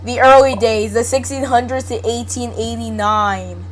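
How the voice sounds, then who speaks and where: A young woman with a high, bright-pitched voice reads an article aloud at home, playful and giggly, often stumbling over words and stopping to react. A faint hiss sits under her voice. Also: steady tone, normal speed, poor audio. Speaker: video host reading a wiki article. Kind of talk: casual reading and reacting.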